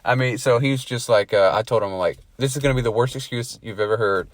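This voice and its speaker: A man's voice: mid-range voice, quick pace. A man telling a story to a friend in a casual chat, swearing freely and laughing at himself. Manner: swears a lot, laughs at his own story.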